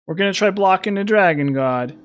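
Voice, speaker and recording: A man's voice: high-pitched, lively intonation, fairly quick, pitched above the performer's own voice. A man putting on a cheerful, comic stereotyped Italian voice, exaggerated and exclaiming. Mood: hammy.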